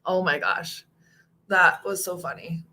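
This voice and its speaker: A woman from the United States, in her thirties, chatting casually as a vlogger and telling stories with lively acted-out quotes. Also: unhurried. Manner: animated storyteller, acts out quotes in a high voice. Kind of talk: casual chat.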